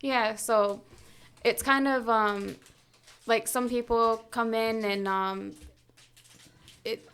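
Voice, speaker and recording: A woman's voice: a little high, fairly even intonation, takes it slowly, long pauses, a bit bright, smooth. A woman tattoo artist talking casually as a podcast guest, with lots of "like" and "um" fillers. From Canada/US Mohawk territory. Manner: laughs often, many "like" and "um" fillers. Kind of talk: casual chat.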